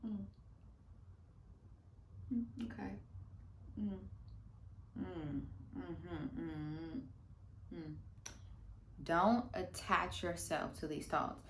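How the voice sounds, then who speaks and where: A woman vlogger giving casual, playful meditation advice, full of slang, swinging from lively bursts to soft murmurs. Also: fairly low pitch, very slow, pauses often, a little hiss or hum. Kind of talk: casual instructional talk. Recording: roomy room echo.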